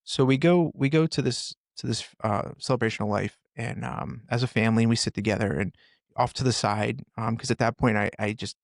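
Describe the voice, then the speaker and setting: A man in his forties, a former first responder, candidly retelling hard experiences on a podcast with intense, animated delivery. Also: mid-range voice, fairly quick, creaky, no echo, studio quality. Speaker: podcast guest, former police officer and firefighter. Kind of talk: candid personal storytelling.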